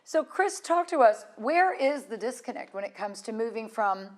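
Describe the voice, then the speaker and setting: A woman's voice: on the high side, animated, moderate pace. A woman hosting a local TV interview program who asks conversational, prompting questions. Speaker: TV interview host.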